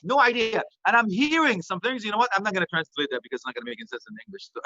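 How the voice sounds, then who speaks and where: A middle-aged man giving a lively sermon, joking and dropping in phrases. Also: high-pitched, racing, dull audio, background noise. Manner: animated, joking, mixes Arabic phrases. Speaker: Islamic preacher.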